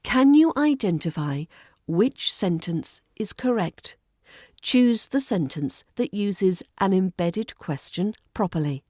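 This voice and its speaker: A woman with a Southern English RP accent, teaching a podcast lesson on polite British grammar in a clear, measured, polite way. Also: medium pitch, lively intonation, a little mellow, dry recording, studio quality.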